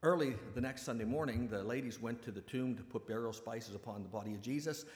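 A man preaching a sermon and retelling a story in a conversational, animated way. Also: medium pitch, fast talker. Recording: echoey hall with long reverb.

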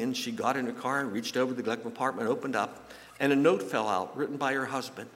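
A man giving a sermon in a church, telling folksy stories and jokes with halting repeats. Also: medium pitch, fairly even intonation, fairly bright tone, a little hiss or hum. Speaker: pastor. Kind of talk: sermon with anecdotes. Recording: long reverb from a large hall.

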